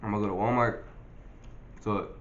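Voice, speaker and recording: A man's voice: fairly low pitch, normal speed, dull audio. A young man in casual vlog chat, laid-back and full of profane street slang, filmed on a phone. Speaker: vlogger.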